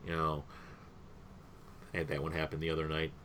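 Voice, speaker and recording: A man's voice: rumbling low, completely flat delivery, fairly quick, fairly bright tone, a little hiss or hum. A young man co-hosting a podcast in casual, rambling chat, with many fillers. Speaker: podcast co-host.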